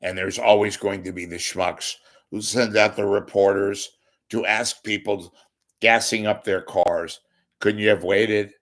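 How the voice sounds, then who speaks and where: A hoarse man delivering a sarcastic ranting monologue as a commentator. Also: lowish voice, steady tone, unhurried, fairly bright tone.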